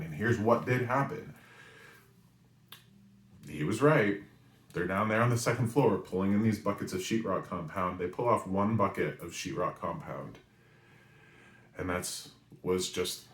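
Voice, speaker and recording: A man in his forties from New England tells a story in a monologue, often checking in with the listener. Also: low-pitched. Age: 40s. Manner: animated storyteller who often asks "right?". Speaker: spiritual reader and weekly message host. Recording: roomy echo.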